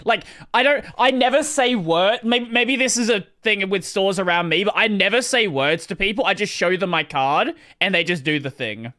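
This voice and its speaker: Australian man, high lively voice, bright and crisp, blunt offhand streamer banter. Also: normal speed, hardly any pauses. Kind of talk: casual reaction commentary.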